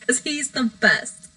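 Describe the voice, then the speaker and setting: A woman's voice: high-pitched, pushed and bright, slight background noise, poor audio. A woman hosting a casual live stream from her bedroom, rambling, giggly and self-deprecating. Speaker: livestream host.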